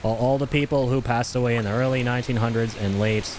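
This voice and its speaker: Fast-talking with fairly even intonation, this mid-range-voiced streamer chats casually over his game amid a noisy background. He jokes, makes mock-serious ironic asides, rambles and keeps restarting sentences.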